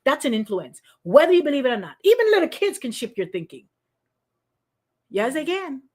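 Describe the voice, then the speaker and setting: Lively high-pitched woman pastor. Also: moderate pace. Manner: animated, acts out quoted voices, addresses listeners by name. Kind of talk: informal sermon to an online congregation.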